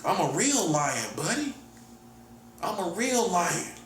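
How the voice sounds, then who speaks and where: A man's voice: high voice, big pitch swings, slow, fairly bright tone, a little hiss or hum. A man in his forties giving a confrontational monologue, repeating himself and calling the listener "buddy". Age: 40s. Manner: repetitive, combative, keeps calling the listener "buddy". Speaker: self-styled prophet giving a monologue. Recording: roomy echo, faint background ambience.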